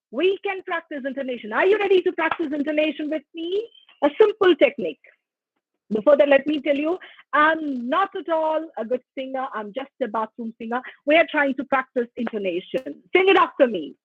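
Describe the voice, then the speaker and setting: A woman giving an instructive, emphatic online lecture on public speaking. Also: sits high. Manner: instructive, emphatic, sings scale examples. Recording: dull lo-fi audio.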